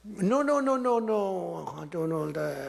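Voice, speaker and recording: Man doing a mock-head of state, high whiny pleading, gravelly edge underneath. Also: expressive, takes it slowly, full character voice.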